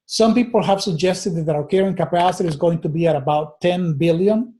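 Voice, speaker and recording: A man's voice: high voice, fairly quick, mellow. A man teaching a recorded lecture, earnest and thinking aloud, with many fillers and restarts. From United States.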